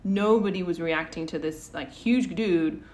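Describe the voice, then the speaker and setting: A woman's voice: lowish voice, normal speed, darkish tone. A woman co-hosting a podcast, telling a personal story in a rambling, casual way with lots of restarts and fillers. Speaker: podcast co-host.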